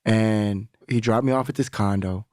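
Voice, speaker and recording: A man's voice: lowish voice, normal speed, a little mellow, dry recording, clean studio sound. A young adult man, a podcast guest, telling a candid personal story in casual talk, swearing freely and acting out the voices of people he quotes.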